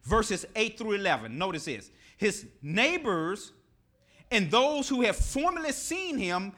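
A middle-aged preacher, delivering a sermon to his congregation. His voice sits high for a man and swings widely in pitch, bright and forceful. He leans into repetition and acts out the scripture dialogue as he goes. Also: unhurried. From Nashville, Tennessee. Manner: animated preaching, acts out scripture dialogue, repeats key phrases.

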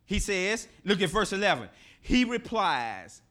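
A middle-aged preacher, delivering a sermon to his congregation. His voice sits high for a man and swings widely in pitch, bright and forceful. He leans into repetition and acts out the scripture dialogue as he goes. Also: measured pace. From Nashville, Tennessee. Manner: animated preaching, acts out scripture dialogue, repeats key phrases.

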